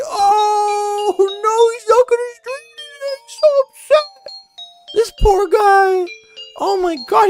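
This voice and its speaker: A woman voicing a self-pitying grown man streamer, wailing and mock-crying in a drawn-out whine. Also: extremely high pitch, voice pushed up, full character voice. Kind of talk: mocking impression in a commentary video.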